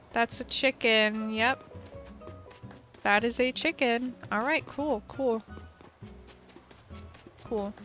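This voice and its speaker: A woman chatting casually to her viewers while playing a game, excitable and chatty. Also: on the high side. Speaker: gaming streamer. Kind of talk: casual gameplay commentary.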